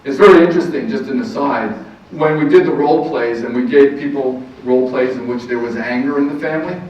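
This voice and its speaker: A middle-aged man, a counselor giving a lively, anecdotal parenting talk to a live audience and laughing easily. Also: mid-range voice, a little fast. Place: meeting room with audience. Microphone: distant room mic. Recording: echoey room, far-off muffled mic.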